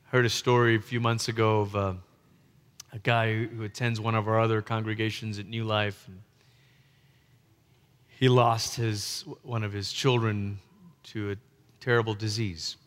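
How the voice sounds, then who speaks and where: A male pastor preaching a sermon in a conversational way, slipping into gentle acted-out quotes. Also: fairly low pitch, little pitch movement, a little slow, long pauses. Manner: conversational, acts out tender quoted lines. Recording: long reverb of a large hall.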